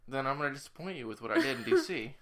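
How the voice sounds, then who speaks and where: A young man telling a rambling story in a casual chat, now and then shouting to imitate someone. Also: mid-range voice, wildly swooping pitch, racing. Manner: rambling storyteller, loud bursts when imitating others.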